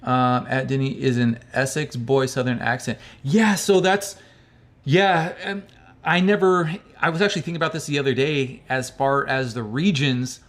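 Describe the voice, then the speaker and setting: A man's voice: medium pitch, fairly even intonation, moderate pace. A man from the United States hosting a livestream, reading out viewer chat and answering in a loose, rambling, friendly way, calling people bro. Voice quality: calls his own speech hick-like.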